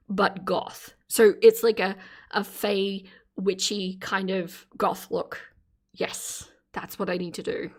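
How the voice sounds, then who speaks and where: A woman hosting a live stream, chatting casually with her viewers and thanking them again and again for donations, often laughing and flustered. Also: mid-range voice. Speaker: livestream host.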